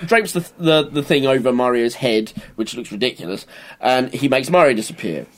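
A man's voice: mid-range voice, lively intonation, moderate pace. A man, co-hosting a podcast in casual chat, joking and swearing while he recaps episodes. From England. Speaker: podcast co-host.

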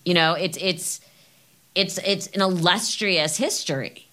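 A woman's voice: lowish voice, unhurried, bright, forceful tone. A middle-aged woman hosting a podcast, telling anecdotes animatedly and laughing often. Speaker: podcast host. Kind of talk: casual chat.

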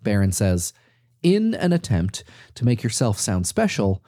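A man hosting a podcast, narrating from a script and interviewing a guest with playful, animated storytelling. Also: a little slow. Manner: playful, animated storytelling with sudden leaps in pitch. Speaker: podcast host.

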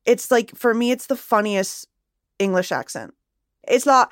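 A young woman co-hosts a podcast in easy, chatty conversation. She talks in quick asides and laughs often, and her voice sounds dry and close to the mic. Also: on the high side, lively intonation, no room sound. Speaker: podcast co-host. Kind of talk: casual chat.

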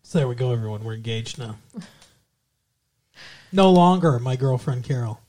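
A man's voice: medium pitch, expressive, normal speed, crowd noise. A man co-hosting a casual podcast, joking and teasing as he talks. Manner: joking, teasing, puts on silly accents. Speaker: podcast co-host. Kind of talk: casual chat.

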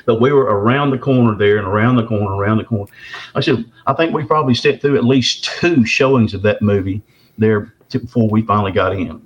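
Folksy older man, low voice. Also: fairly quick. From Texarkana area, southern US. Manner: folksy, repeats and restarts words. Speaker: Bigfoot researcher telling his story. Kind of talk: casual rambling storytelling. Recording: dull lo-fi recording.

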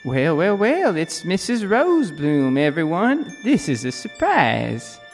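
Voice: mid-range voice, huge pitch swings, slow pace, faint music behind, heavily acted. An actor playing a theatrical small-town pastor leading choir practice in an over-polite, showy way. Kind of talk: comedic audio drama acting.

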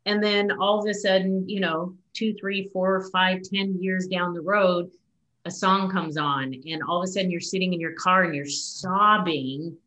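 A woman's voice: lowish voice, steady tone, normal speed, a bit bright. Podcast host, woman, blunt and emphatic, everyday conversational tone. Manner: frank and emphatic, swears casually.

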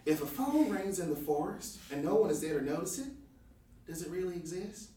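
A man's voice: fairly high pitch, fairly quick, natural voice. A man playing a brash, crude park ranger. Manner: loud, brash and excitable. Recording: roomy, distant-mic recording.

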